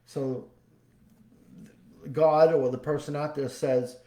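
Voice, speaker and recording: Male spiritual podcast host, folksy storyteller, mellow and slightly high voice, echoey room. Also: fairly even intonation, slow pace. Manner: folksy storyteller, repeats key phrases. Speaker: podcast host and psychic medium. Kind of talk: spiritual teaching talk.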